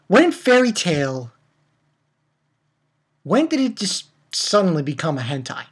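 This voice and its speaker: A man reviewing a manga chapter in casual chat, excitable and rambling, with many fillers and exclamations. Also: on the high side, slow pace, long pauses, slightly rough.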